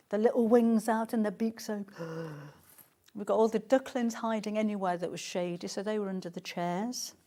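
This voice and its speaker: A woman's voice: medium pitch, creaky, darkish tone. Chatty woman presenting fabrics. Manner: chatty, gushing, rambling with restarts. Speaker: shopping show presenter. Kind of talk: live sales chat.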